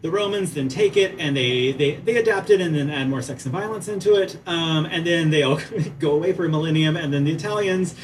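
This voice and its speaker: Animated male presenter, distant mic. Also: on the high side, brisk, few pauses, a little hiss or hum. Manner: animated, asks "right?" often, chatty asides. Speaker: conference presenter and playwriting teacher. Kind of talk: conference talk. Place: museum theater at a conference.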